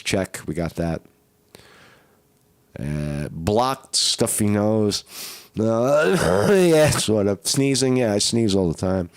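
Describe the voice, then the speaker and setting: A hoarse man rambles casually through a live stream, full of fillers and restarts. His voice sits very low. The sound is dry and close, with no room around it. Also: no room sound. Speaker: vlogger doing a live at-home test.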